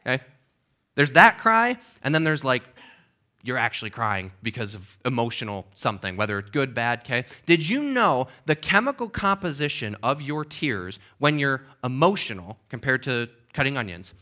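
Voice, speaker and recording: A man's voice: medium pitch, big pitch swings, normal speed, sharp tone. A man preaching a sermon as pastor in a church, conversational and emphatic, often checking in with the congregation. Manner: conversational, emphatic, with frequent okays and restarts.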